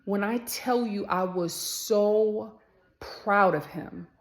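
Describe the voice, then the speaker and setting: A woman's voice: mid-range voice, takes it slowly. A woman, chatting casually to camera and telling a story, addressing viewers as y'all and acting out the voices in it.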